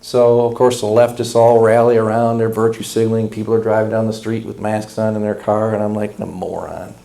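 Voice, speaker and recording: Male pastor, sermon delivery, folksy and impassioned, mellow dark voice. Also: fairly low pitch, completely flat delivery, fairly quick. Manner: folksy, blunt, impassioned preaching.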